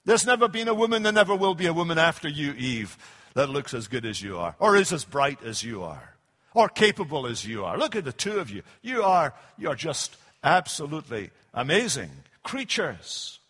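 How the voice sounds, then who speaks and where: A sly, sneering serpent tempter, put on by a male preacher, dripping with sarcasm. The voice sits fairly high for a man and rings with a long hall reverb. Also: sing-song, moderate pace, fairly bright tone, slightly rough, heavily acted. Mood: flattering. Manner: sarcastic, mocking. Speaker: preacher voicing the devil.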